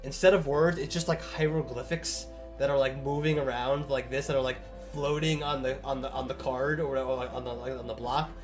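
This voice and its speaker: A man's voice: mid-range voice, fairly even intonation, brisk, over music. A young man casually telling a long story on stream, rambling and swearing a lot, acting out the lines of the people in it.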